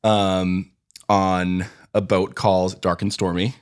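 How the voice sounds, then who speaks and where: A young man, co-hosting a casual podcast and telling stories in a playful, animated way. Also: low-pitched, slow, clear, resonant tone, dry recording, studio quality. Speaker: co-host.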